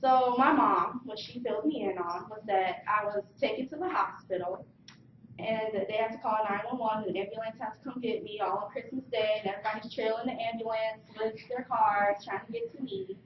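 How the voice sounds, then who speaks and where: A woman's voice: on the high side, brisk, background noise. Young woman telling a story from afar. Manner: lively storyteller, acting out voices. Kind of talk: personal story speech. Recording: distant mic in an echoey room, dull sound.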